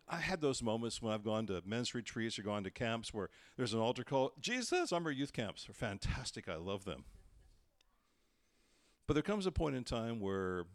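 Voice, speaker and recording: A man preaching a sermon, telling the story with lively delivery and acting out the voices he quotes. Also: lowish voice, no echo. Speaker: pastor.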